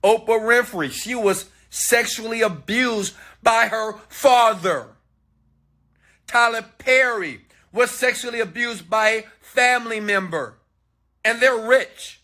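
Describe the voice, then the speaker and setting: A man giving a motivational talk, preachy and animated, often checking in with "okay?". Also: very high-pitched, slow. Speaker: motivational speaker.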